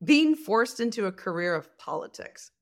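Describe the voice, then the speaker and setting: A woman guest, a leadership coach, chatting in a lively way and laughing as she tells stories. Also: mid-range voice, moderate pace. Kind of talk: casual interview chat.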